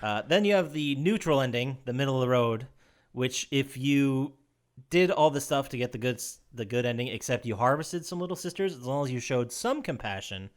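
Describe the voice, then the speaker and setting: A man with a mid-range voice co-hosts a podcast, retelling a video game story in casual chat. He's animated and quick to laugh, with restarts along the way.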